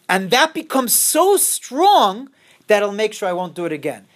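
A woman's voice: mid-range voice, big pitch swings, moderate pace. A woman teaching a religious class, quizzing her students and repeating her key phrases over and over.

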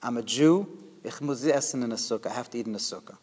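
Anxious, stubborn devout man, voiced by a storytelling man in a lower register, with a long hall echo. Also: fast, background noise, close to an everyday voice. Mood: resigned. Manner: pleading, flustered.

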